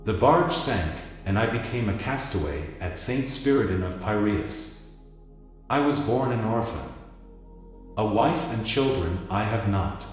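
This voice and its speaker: A man's voice: lowish voice, animated, a little slow. A man voicing a proud, defiant freed Black man, in a dramatic reading in an echoey hall. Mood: earnest. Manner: bitter, distrustful. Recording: echoey hall with music behind.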